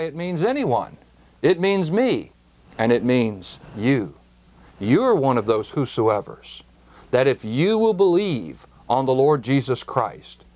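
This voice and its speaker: A male Bible teacher speaks at a very unhurried, deliberate pace, weighing every phrase. His tone is earnest and emphatic, climbing sharply on the words he wants to stress, then settling back to a medium-pitched, steady delivery. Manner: earnest, emphatic, drawn-out preaching with rising emphasis on key words.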